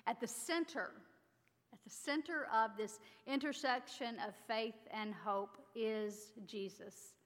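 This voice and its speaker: A woman pastor delivers a sermon in an unhurried, reflective way. Her voice sits on the higher side and comes with a long hall reverb. She lets pauses stretch between her thoughts. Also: a bit bright.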